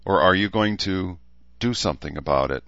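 Audiobook: male narrator doing a blunt, strained young woman, raised pitch over a deep voice, dry dull sound. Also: animated, moderate pace, a bit bright, dry recording. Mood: exasperated. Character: young adult woman, anxious, blunt daughter.

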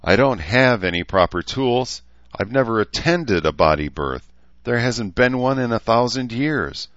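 A man's voice: sits low, expressive, moderate pace, fairly bright tone, no room sound, highs cut off, pitched above the performer's own voice. Man voicing a weary sardonic mother. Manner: dry, exasperated. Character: middle-aged woman doctor, weary and sardonic mother.

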